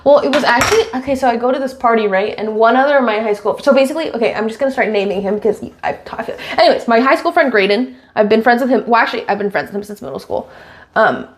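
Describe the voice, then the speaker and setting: A woman's voice: on the high side, rapid-fire, slight background noise. A young woman from Washington state, a streamer chatting casually and reading viewer messages aloud while getting ready at home. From Washington state, USA. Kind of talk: casual live-stream chat.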